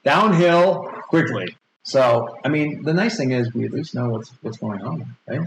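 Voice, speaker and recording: A man's voice: medium pitch, expressive, measured pace. A man in his forties running a tabletop game and rambling through rules explanations with many fillers. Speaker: game master. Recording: echoey room with faint noise.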